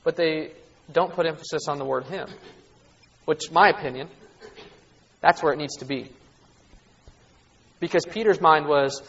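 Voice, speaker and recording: High-voiced guy preaching a bible lesson, earnest, leans hard on the big points, kinda muffled lo-fi sound. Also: measured pace, creaky, long pauses, fairly bright tone. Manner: earnest, emphatic, rising to stress key points.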